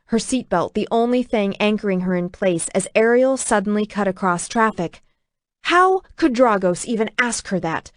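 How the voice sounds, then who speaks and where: A woman's voice: medium pitch, animated, moderate pace, no echo. Woman narrating, dry close sound. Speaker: audiobook narrator. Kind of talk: scripted narration.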